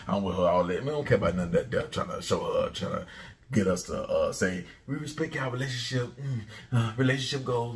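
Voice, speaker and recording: A man hosting a commentary channel, ranting and taunting loudly, often jumping into a high mocking pitch. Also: far from the mic.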